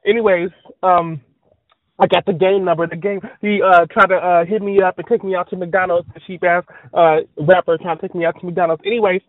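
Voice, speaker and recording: Man, high voice, rambling and scattered, tinny dry phone-like sound. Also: flat delivery, a little fast, dry recording. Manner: scattered, full of fillers and trailing asides. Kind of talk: rambling monologue.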